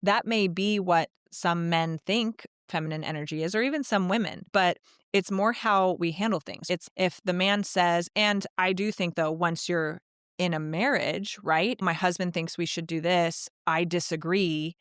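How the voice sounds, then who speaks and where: A woman's voice: lowish voice, fairly even intonation, normal speed, a bit bright, clean tone, no echo, clean studio sound. A woman speaking as a guest in a casual podcast conversation, explaining ideas in an earnest, coaching way.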